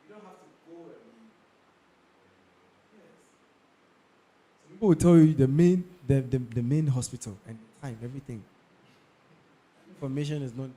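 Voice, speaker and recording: A man's voice: mid-range voice, moderate pace, pauses often, dark tone, a little hiss or hum. A young Ghanaian man with a Ghanaian English accent, giving career advice to an audience; he repeats key points and keeps checking in with his listeners. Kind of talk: talk to an audience.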